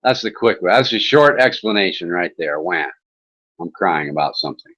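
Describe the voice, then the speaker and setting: Sarcastic man with a lively voice. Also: deep voice, fairly quick, breathy edge, dull audio. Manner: sarcastic, mocking, profane. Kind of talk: casual rambling chat.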